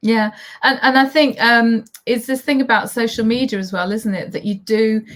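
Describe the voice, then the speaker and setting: A woman's voice: on the high side, steady tone, moderate pace. A woman hosting a casual interview, reading out viewer comments and laughing often. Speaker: host.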